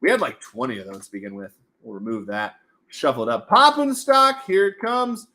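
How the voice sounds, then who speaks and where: A man hosting a casual livestream at home, running prize wheel spins in a goofy, animated way and slipping into silly voices. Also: on the low side, a little fast. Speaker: livestream host running giveaways.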